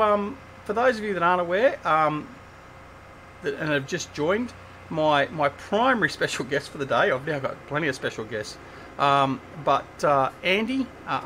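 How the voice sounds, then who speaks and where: A man's voice: on the high side, pushed and bright, slight background noise. A man hosting a casual gaming livestream, chatting and teasing his guests while he plays. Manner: chatty, teasing, thinking aloud while playing. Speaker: livestream host.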